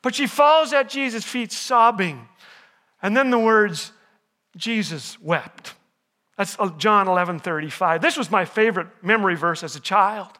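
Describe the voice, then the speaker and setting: High, bright-voiced male preacher. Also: normal speed. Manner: jokey, asks the audience questions, acts out quotes. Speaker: chapel speaker. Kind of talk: humorous sermon.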